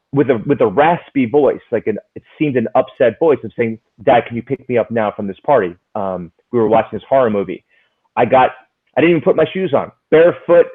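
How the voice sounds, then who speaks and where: A man who is a psychologist, giving earnest advice in casual conversation and explaining with concrete examples. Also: medium pitch. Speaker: psychologist, interview guest. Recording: tinny phone-like line.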